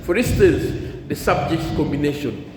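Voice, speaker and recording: A man's voice: on the high side, expressive, normal speed, a little mellow, slight background noise. A man giving career guidance to students at a school, leaving blanks in his sentences for the class to fill in. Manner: call-and-response, leaves blanks for the class to fill. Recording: echoey hall, faint ambience.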